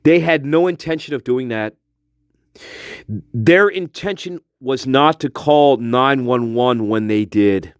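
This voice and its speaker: A man hosts a livestream with an angry, profane, repetitive delivery. His voice sits at an ordinary male pitch, picked up dry and close on a phone. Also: slow pace, smooth, no echo. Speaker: livestream host. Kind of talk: livestream rant.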